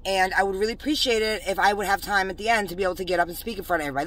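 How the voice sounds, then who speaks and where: A woman's voice: medium pitch, sing-song, moderate pace, a bit bright, a little hiss or hum. A woman telling a story in a vlog. She is fervently religious, agitated and rambling, and uses many fillers. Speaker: religious vlogger.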